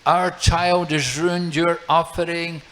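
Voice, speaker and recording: Apologetic parents plead and soothe in slow, earnest bursts, as a male storyteller puts them on. The voice sits a little high and keeps begging. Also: flat delivery, fairly bright tone. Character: apologetic pleading father and mother.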